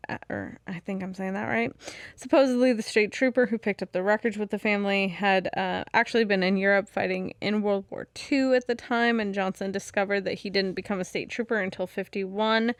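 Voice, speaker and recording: Woman podcaster reading notes, smooth clear voice, dry close sound, lots of ums. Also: medium pitch, no echo. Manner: reads notes with many fillers and restarts, laughs easily. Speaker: podcast co-host. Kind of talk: casual podcast chat, reading research notes. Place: podcast studio.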